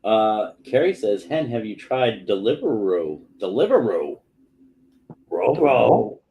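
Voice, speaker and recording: A man's voice: fairly low pitch, very animated, slow, muffled recording, a little hiss or hum. A man with a Boston accent co-hosting a casual chat show, jokingly reading viewer comments aloud. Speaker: podcast co-host reading chat.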